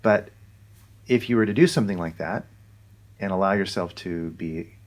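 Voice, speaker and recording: Low-voiced man musing thoughtfully. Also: moderate pace. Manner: reflective, explaining ideas in a calm way. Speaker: podcast co-host. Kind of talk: casual podcast conversation.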